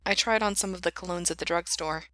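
A shy, anxious young man who speaks quietly and hesitantly, as a woman reading the story puts him on. The voice sits low but sounds bright and forceful. The sound is dry and close. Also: fairly even intonation, normal speed, no echo, close to an everyday voice. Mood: sheepish.

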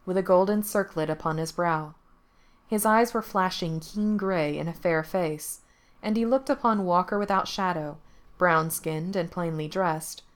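Calm woman reading a fairy tale. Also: on the low side. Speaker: storyteller. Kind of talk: storybook narration.

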